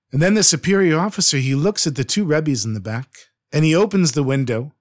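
A man telling a dramatic true story in an earnest, expressive way. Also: on the high side, a little fast, hardly any pauses.

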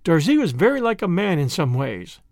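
A man giving a dramatic, expressive storybook narration. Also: fairly high pitch, normal speed, no echo, studio quality.

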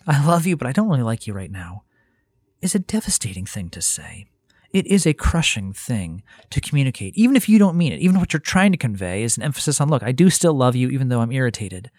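A man's voice: mid-range voice, darkish tone, no echo. Earnest man teaching Scripture, dry sound. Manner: earnest, thinking aloud with frequent restarts. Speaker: Christian teacher. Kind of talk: conversational Bible teaching.

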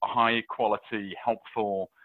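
Low-voiced British man on a tinny line. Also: flat delivery, measured pace, no room sound. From England. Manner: chatty, many fillers and restarts, storytelling. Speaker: venture capitalist guest. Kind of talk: casual interview answers. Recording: dry, tinny phone-like line.

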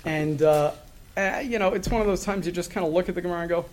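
A middle-aged man with a high-sitting voice tells a story conversationally, earnest and reflective, halting with lots of fillers and restarts. Crowd noise can be heard in the background.

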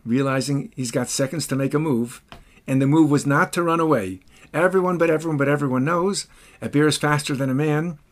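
A man hosting a commentary show, telling a story in an emphatic, dramatic way. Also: on the high side. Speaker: podcast host.

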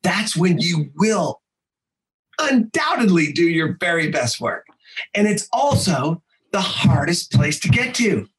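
Talking on a casual podcast, this voice actor and improv teacher is animated and foul-mouthed, darting into quick voices as he goes. His pitch is on the high side, and the recording sounds rough.

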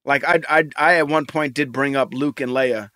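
A man in his forties, a podcast co-host in casual chat, animated and profane, repeating words when he gets excited. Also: mid-range voice, moderate pace, crowd noise.

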